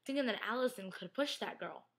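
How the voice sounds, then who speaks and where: Chatty young woman with a bright voice. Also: a little high, lively intonation, creaky. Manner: chatty, rambling, heavy use of "like"; slips into quick impressions of characters. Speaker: vlogger recapping a TV episode. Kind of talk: casual recap vlog.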